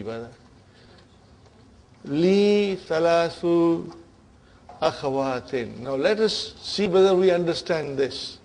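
A man's voice: a little high, a little mellow. A man teaching Arabic grammar to a class, explaining terms in English, checking in with "huh?" and "okay?" and calling students brothers and sisters. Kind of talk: classroom lecture.

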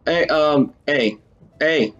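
A man giving casual commentary over a video game, excitable and swearing often as he talks to his viewers. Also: fairly high pitch, drawn-out words, dull audio. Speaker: let's play gamer.

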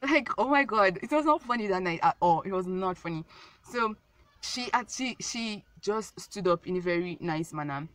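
A woman's voice: mid-range voice, lively intonation, moderate pace, fairly bright tone, no room sound. A young woman telling a casual storytime vlog, rambling and repeating herself with many fillers. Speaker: vlogger.

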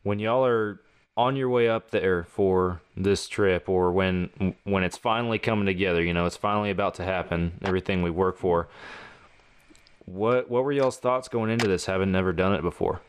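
A podcast host interviewing his guests with upbeat reactions and quick, running questions. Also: low-pitched, smooth, dry recording.

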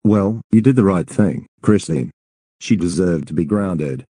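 Deep-voiced, calm cartoon dad, soothing and approving, dark tone. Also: male voice, unhurried, slightly rough, no room sound, exaggerated voice.

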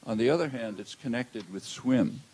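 An older man giving an academic lecture in a lecture hall, measured and halting, with many "uh" fillers. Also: mid-range voice, lively intonation, gravelly, darkish tone, a little hiss or hum. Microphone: handheld or lectern mic.

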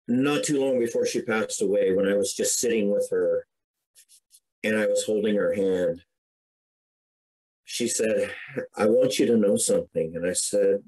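A man's voice: lowish voice, mellow, rough recording. Earnest middle-aged man telling his story. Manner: earnest, conversational, with frequent restarts. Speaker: podcast guest. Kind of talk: recounting a personal story.

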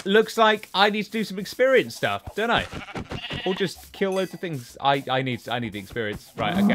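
A young man giving casual Let's Play commentary, chatty and talking to the game animals, with sudden excited outbursts. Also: on the high side, background noise. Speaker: gaming YouTuber.

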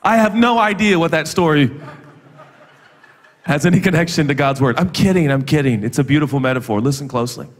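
A man preaching a sermon as a guest pastor, telling stories in an animated way with jokes and quick asides. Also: on the high side. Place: large church auditorium. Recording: long reverb of a big church hall.

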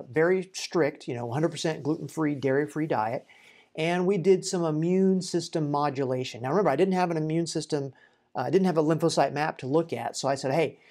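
A male chiropractor with a fairly high, darkish voice talks to camera about a patient's case. The informal educational talk is conversational, with rhetorical questions and pauses on fillers.

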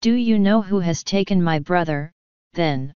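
A determined young girl speaks sharply and insistently , as a woman reader voices her. The delivery is slow and very clean. The recording is dry and a little dull. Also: fairly low pitch, clean tone, no echo, natural voice.

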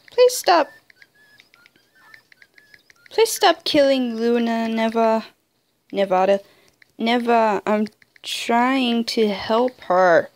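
A young woman commenting on her own online game play, muttering in frustration and breaking into high squealing shouts. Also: takes it slowly. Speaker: gamer playing an online wolf game. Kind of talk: casual gameplay commentary.

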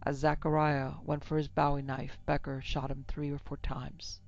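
A woman narrating a classic horror story in a steady, measured, dramatic way. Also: deep voice. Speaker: narrator and producer. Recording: slightly dull lo-fi with music.

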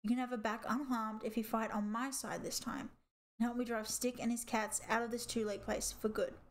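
Storybook villain: woman reader voicing a scarred rogue tomcat, smug, low raspy purr. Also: little pitch movement, fairly quick, natural voice. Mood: menacing. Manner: smug, mockingly polite, purring. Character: huge scarred male tabby cat, mocking rogue leader.

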